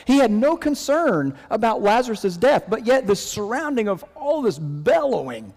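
A pastor preaching in a reverberant hall. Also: male voice. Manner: dynamic delivery, swinging from raised emphasis to near-hushed lows. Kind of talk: sermon.

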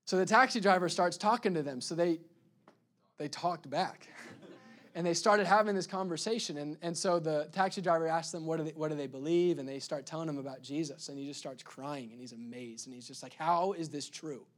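A male pastor preaching with a high, bright voice. He talks energetically, trips over his words and restarts them, and breaks into sudden loud bursts. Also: brisk. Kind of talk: sermon.

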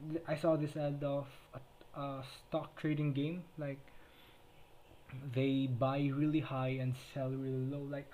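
Solo podcast host, late-teen Filipino guy, warm low tone, rambling and profane. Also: a little hiss or hum, low-quality recording. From Philippines. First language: Tagalog. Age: late teens. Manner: heavy swearing, rambling with restarts.

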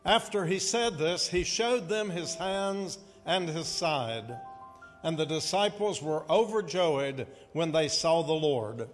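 Pastor guy preaching real slow, voice a bit high, asks the church to say it back, big echoey hall. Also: expressive, faint music behind. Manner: slow, deliberate, calls on the congregation to respond. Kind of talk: sermon with scripture reading.

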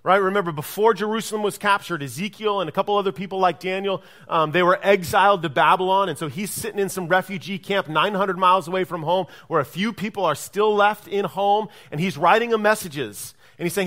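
A man's voice: high voice, brisk, few pauses, fairly bright tone. A male pastor preaching a sermon, who keeps checking in with listeners by asking "right?" and acts out the quoted speech in his story. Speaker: lead pastor.

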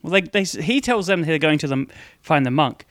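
A man's voice: fairly high pitch, expressive, moderate pace, fairly bright tone, no echo, clean studio sound. A man co-hosting a casual film-review chat, blunt and chatty, often cutting in to finish his co-host's points. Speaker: podcast co-host.

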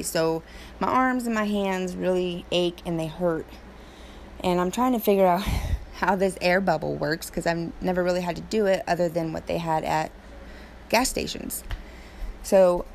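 A woman's voice: lowish voice, a little mellow, slight background noise. A woman hosting a podcast, chatting casually and laughing as she tells a funny story about her family. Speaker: podcast host.

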